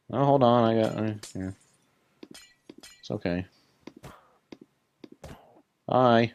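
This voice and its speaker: Showing off his Minecraft build, this man talks slowly with many pauses, rambling self-deprecatingly and addressing the game's creatures. His mid-range voice is darkish, clear and resonant, though a bit worn, in casual let's-play style.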